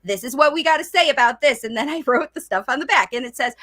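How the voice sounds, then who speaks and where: A woman's voice: high voice, expressive, quick pace, few pauses, a bit bright. A middle-aged woman speech coach giving parents an earnest, conversational talk with emphatic advice. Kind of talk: informal teaching talk to parents.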